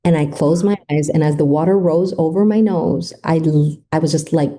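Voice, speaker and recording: An animated woman with a lowish, mellow voice talks at normal speed on a podcast where she is a guest. Her emotive account of a personal story includes acted-out versions of what others said.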